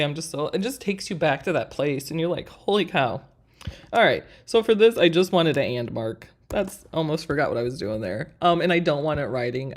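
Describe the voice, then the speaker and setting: A woman in her forties hosting a live craft design stream, chatting with viewers as friends while she works through a tutorial. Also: low-pitched. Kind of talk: live screen-share tutorial with viewer chat.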